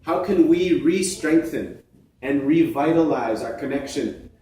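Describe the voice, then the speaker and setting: Male storyteller-emcee, slightly high voice, booming hall reverb, far mic. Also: a little hiss or hum. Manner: measured, animated storytelling with playful asides. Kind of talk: oral storytelling on stage. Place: large theatre stage. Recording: echoey theatre from far off.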